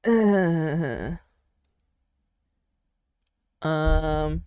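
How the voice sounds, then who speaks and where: A woman's voice: fairly low pitch, lively intonation, unhurried, pauses often, clean tone, dry recording, highs cut off. A woman streaming casually as she works through a language lesson, chatting playfully and sounding out foreign words aloud. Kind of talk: casual livestream chat during a language lesson.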